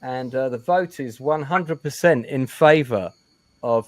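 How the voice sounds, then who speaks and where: A man's voice: medium pitch, a little slow, a little hiss or hum. A man hosting a casual interview over a video call, chatty and repeating words as he gathers his thoughts. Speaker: interview host.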